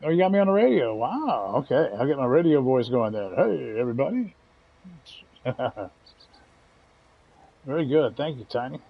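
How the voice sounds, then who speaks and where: A man's voice: mid-range voice, very animated, quick pace, few pauses, breathy edge, narrow, tinny audio. A man giving casual, folksy commentary while playing a farming game, chatty and chuckling often. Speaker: gaming channel host.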